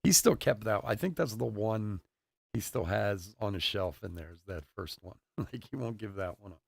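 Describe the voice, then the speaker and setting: A middle-aged man chats on a live card-break stream, rambling through stories and breaking into laughter. His voice sits low with a gravelly edge, picked up dry and close on a desk mic. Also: moderate pace, no room sound. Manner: storytelling, laughs often. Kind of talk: casual live-stream chat. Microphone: desk mic on a stream setup.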